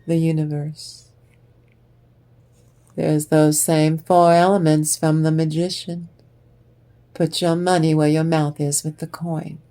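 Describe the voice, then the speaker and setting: A woman reads tarot cards aloud, speaking to the listener as if they were sitting across from her. Her voice sits a little low, and she takes her time, letting words hang between phrases. She is encouraging and breaks into laughter now and then. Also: level tone, warm tone. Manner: unhurried, addresses the listener directly, encouraging; laughs often. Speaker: tarot reader. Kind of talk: tarot card reading to the viewer.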